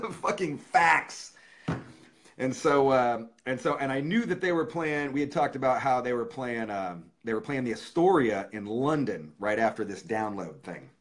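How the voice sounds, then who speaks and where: A man's voice: medium pitch, expressive, moderate pace, hardly any pauses. A man, a musician, talking casually on a livestream and reading aloud a letter he wrote, swearing freely and speaking from the heart. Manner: profane, loose and heartfelt.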